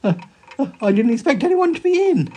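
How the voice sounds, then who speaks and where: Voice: high-pitched, big pitch swings, fairly quick, mellow. A performer voicing a kindly friend who is hesitant and easily startled. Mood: concerned.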